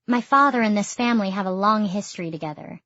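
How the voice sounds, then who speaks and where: A woman voicing a calm young man who guides and translates, in plain explaining tones, in an audiobook reading. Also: mid-range voice, fast, no room sound, close to an everyday voice. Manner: plain explaining, mildly unsure. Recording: dull lo-fi dry recording.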